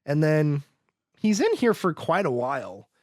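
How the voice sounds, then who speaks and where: Lively rambling podcast host. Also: male voice, a little high, unhurried, dry recording, studio quality. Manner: rambling storytelling full of "like" and acted-out quotes. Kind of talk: casual film recap chat.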